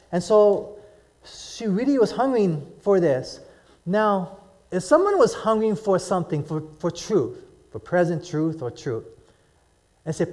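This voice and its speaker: A man's voice: sits high, a little mellow. A middle-aged man from Hawaii preaching a sermon in a casual, conversational way, often putting questions to his listeners. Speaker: pastor.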